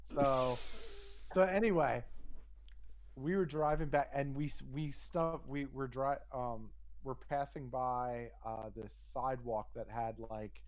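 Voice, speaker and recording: A man's voice: mid-range voice, fairly even intonation, slow. A man casually telling a crude, rambling story on a podcast, swearing often and restarting his sentences. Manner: rambling, profane, frequent restarts and fillers. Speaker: podcast co-host.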